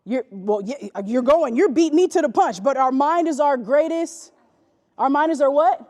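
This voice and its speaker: A woman giving a motivational talk to young basketball players, leading energetic call-and-response. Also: sits high, moderate pace. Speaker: youth basketball motivational speaker. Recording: echoey gym from a distance.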